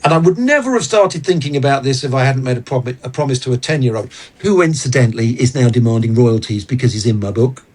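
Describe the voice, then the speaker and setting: A man guesting on an interview, explaining business ideas in an earnest, animated way. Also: medium pitch, fast, few pauses. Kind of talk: casual interview talk.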